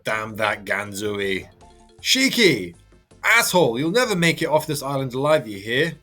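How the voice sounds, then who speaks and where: A man reading out a manga page, voicing an old male pirate captain who shouts curses and pants with laughter. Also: lowish voice, completely flat delivery, slow pace, soft background music, full character voice. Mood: angry, frantic. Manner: shouting, cursing, panting laughter.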